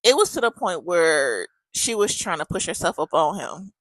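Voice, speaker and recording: A woman's voice: on the low side, sing-song, moderate pace, a bit bright, dry recording, poor audio. A woman podcast host, telling a friend's story in casual chat and acting out both sides of the conversation.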